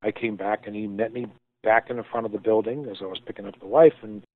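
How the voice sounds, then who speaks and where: A man being interviewed, telling a story with thoughtful pauses and frequent restarts as he explains things. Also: fairly low pitch, fairly even intonation, no room sound. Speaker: guest, company founder. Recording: tinny phone-like line, dry.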